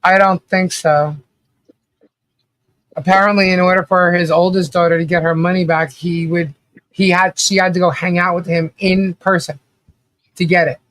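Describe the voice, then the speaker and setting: A man with a notably high voice runs a casual livestream commentary. He rants bluntly and swears freely. Between points he reads out viewer chat comments, keeping an offhand, conversational tone. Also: little pitch movement, moderate pace, long pauses, fairly bright tone.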